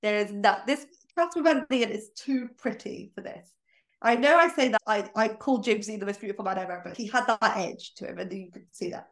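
A woman hosting a casual film review podcast, animated and blunt, often laughing. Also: medium pitch, a little fast. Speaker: podcast host.

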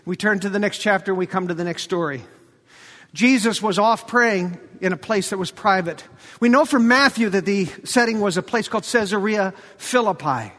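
A man preaching a sermon, telling the story with animated flair and acting out the quotes. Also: high-pitched, moderate pace. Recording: long hall reverb.

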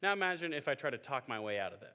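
A young pastor in his twenties tells a funny story in a sermon, playing out the voices of the people in it. His voice is bright and forward. It rings with the long reverb of a big hall. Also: mid-range voice, big pitch swings, racing. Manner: joking storytelling, acts out voices. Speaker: youth pastor.

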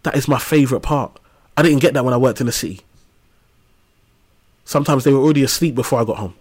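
Animated man telling stories. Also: medium pitch, fast talker, breathy edge. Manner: animated storytelling with casual slang. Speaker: guest. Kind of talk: casual conversational interview.

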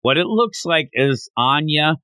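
A man's voice: a little high, unhurried, no room sound. Guy podcast host recapping a comic, voice bounces all over, dry close sound. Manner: animated storyteller, acts out the characters' lines. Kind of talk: casual manga recap chat.

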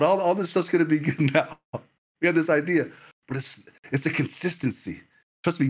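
A man preaching a sermon to a livestream audience, earnest and full of stammered repetitions. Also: on the high side.

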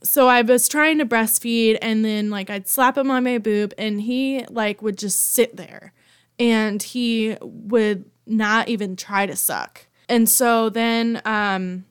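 A woman's voice: a little high, fairly even intonation, takes it slowly, clear, resonant tone. A woman guest on a podcast, chatting candidly and casually, with the odd curse word. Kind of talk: casual chat.

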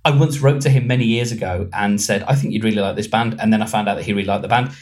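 A man's voice: on the low side, very fast, darkish tone. Guy hosting a chatty podcast, rambles a lot, pokes fun at himself, keeps restarting sentences. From England. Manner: rambling, self-mocking, with many ums and restarts. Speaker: podcast host. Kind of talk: casual chat.

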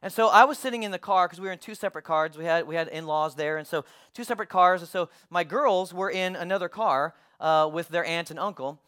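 A man preaching with a voice pitched well above the usual male range. He tells his story in an animated, emphatic way, building toward his sermon point. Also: fast, hardly any pauses, smooth. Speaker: pastor.

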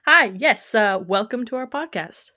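A woman's voice: a little high, animated, moderate pace, sharp tone, no room sound, studio quality. A young adult woman co-hosting a podcast in casual chat, giggly and full of fillers. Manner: giggly, chatty, many fillers. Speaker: podcast co-host.

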